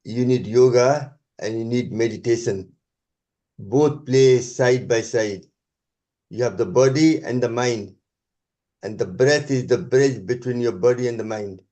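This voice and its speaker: A man with a Scottish accent giving an earnest, halting spiritual talk over a video call. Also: medium pitch, mellow. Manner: earnest, halting, restarts sentences. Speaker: guest speaker.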